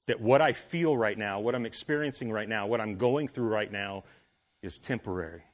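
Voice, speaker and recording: A man preaches to his congregation in a relaxed, conversational way, now and then asking them direct questions. His voice sits at a middle pitch and swells and drops with the emotion of what he is saying. The recording sounds slightly dull. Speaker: pastor. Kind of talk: sermon.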